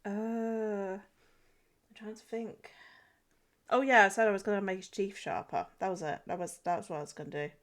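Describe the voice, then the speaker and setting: A woman's voice: medium pitch, steady tone, normal speed. A young woman streaming while she draws, chatting and giggling through a cold. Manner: giggly, chatty, self-deprecating. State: has a cold. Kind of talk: casual live-stream chat while drawing.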